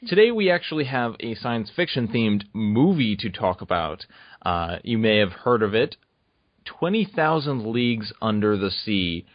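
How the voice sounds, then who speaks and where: Man, low pitch, enthusiastic co-host for casual chat, dull dry recording. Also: expressive, unhurried, no echo. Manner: enthusiastic, emphatic.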